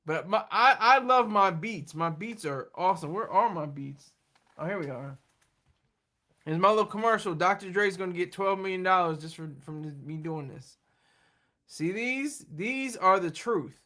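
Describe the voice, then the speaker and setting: A man's voice: sits high, lively intonation, moderate pace, pushed and bright. A man hosting a live stream from his computer at home, chatting in a loose, rambling way with frequent laughs and restarts. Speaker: livestream host.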